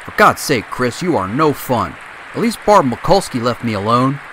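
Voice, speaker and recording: A man doing an impression of a loud, brash male senator from a northeastern city. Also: mid-range voice, very animated, moderate pace, a crowd in the background, noisy background, natural voice. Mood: sarcastic.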